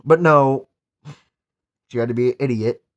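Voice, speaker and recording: A man's voice: mid-range voice, a little slow, muffled recording. Young man, casual movie review, rambling, lots of fillers, enthusiastic.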